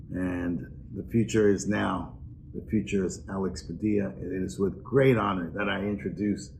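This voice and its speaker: Older male presenter, deep gravelly voice, warm earnest storytelling tone with a hint of hiss behind. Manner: reminiscing, earnest, hesitant fillers. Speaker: award presenter. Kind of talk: personal introduction speech.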